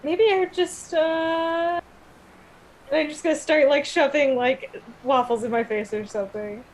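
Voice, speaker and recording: A woman's voice: high voice, steady tone, measured pace, low-quality recording. A woman playing in a tabletop game, rambling in a playful, comic way. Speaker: player. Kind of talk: casual tabletop game chat.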